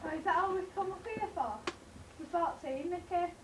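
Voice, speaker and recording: A teenage girl acts out an impatient, teasing schoolgirl in a very high voice. It is a stage play picked up from far off in an echoing hall, with clear noise over it. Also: normal speed. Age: teens. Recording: noisy echoey hall from far off.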